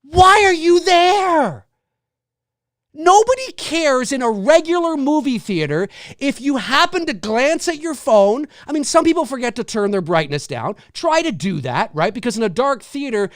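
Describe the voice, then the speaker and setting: A man hosting a live movie talk show, ranting in exasperation, repeating rhetorical questions, swearing and bursting into shouts. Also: extremely high pitch, big pitch swings, normal speed, no room sound, studio quality. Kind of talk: ranting solo commentary.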